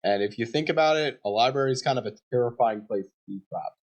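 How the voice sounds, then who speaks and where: A man's voice: medium pitch, quick pace. Casual man podcast co-host. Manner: casual, opinionated remarks with mild swearing. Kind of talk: casual movie recap chat.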